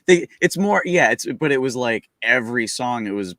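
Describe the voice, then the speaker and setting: A man's voice: mid-range voice, lively intonation, normal speed, bright, forceful tone, no room sound, studio quality. A man co-hosting a podcast, chatting casually and chuckling through his remarks.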